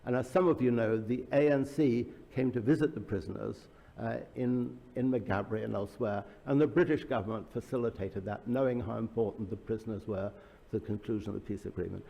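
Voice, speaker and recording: A man's voice: on the low side, brisk, gravelly, lo-fi sound. A man speaking as an author at a book launch, telling anecdotes in a loose public talk, with many fillers and restarts. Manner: storytelling with frequent fillers and restarts. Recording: reverberant hall.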